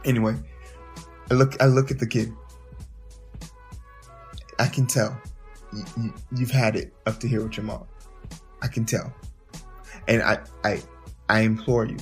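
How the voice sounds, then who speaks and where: A man hosting a podcast, telling a story in an animated, profane way, often stumbling and repeating words as he starts his sentences. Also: medium pitch, a little slow, pauses often, soft background music. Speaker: podcast host. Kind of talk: storytelling monologue.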